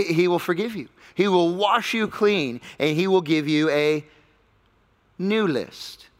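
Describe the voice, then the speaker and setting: A man preaching a sermon as pastor, emphatic, swinging between loud stressed lines and quiet low ones. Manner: emphatic preaching with sudden swings in pitch and loudness. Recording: long hall reverb.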